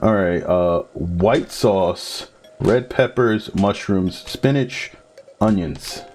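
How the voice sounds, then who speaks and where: A man with a low voice speaks slowly while live-streaming a cooking game, reading off ingredients in a steady list. He chats and jokes with his co-host, and there's a slight hiss or hum on the recording.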